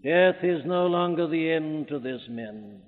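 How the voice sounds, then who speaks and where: A man with a Welsh accent preaching a sermon fervently, rising at times to loud declamation. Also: a little high, expressive, a little slow, in a large hall, phone-quality sound.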